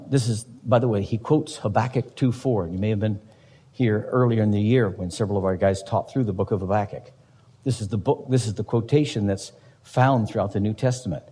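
A man's voice: on the low side, mellow, husky, big-room sound. A man preaching a sermon as pastor, emphatic, with rhetorical questions to the congregation.

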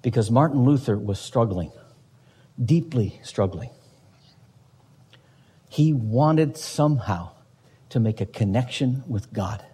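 A man's voice: mid-range voice, expressive, slow pace, pauses often, mellow, slightly rough, in a large hall. A man preaching a sermon as pastor, emphatic, with rhetorical questions to the congregation.

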